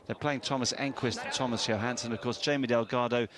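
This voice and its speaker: A man's voice: mid-range voice, steady tone, quick pace, fairly bright tone. Man presenting tennis coverage. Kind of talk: live sports broadcast chat.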